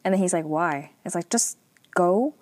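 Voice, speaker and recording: A woman's voice: fairly low pitch, normal speed, darkish tone, dry recording. A woman casually recapping a drama episode, chatty and full of fillers.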